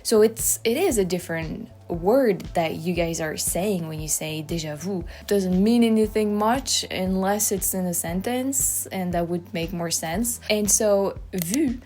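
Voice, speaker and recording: A woman's voice: medium pitch, a little mellow. A young adult French woman with a French accent, chatting casually and emphatically to camera as a video host, with frequent restarts. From France. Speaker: YouTube host. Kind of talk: casual explainer talk to camera.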